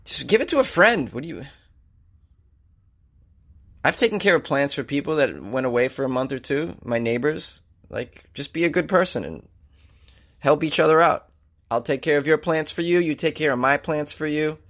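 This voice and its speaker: A man's voice: a little high, animated, normal speed, fairly bright tone. A man from Massachusetts hosting a comedy show, riffing sarcastically on strange news stories and laughing at his own jokes.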